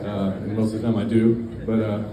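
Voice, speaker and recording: A man doing a stand-up set in a brewery, deadpan and rambling, with lots of fillers. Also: fairly low pitch, a little fast, noisy background. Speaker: stand-up comedian. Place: brewery stage. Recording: echoey room, distant mic, faint ambience.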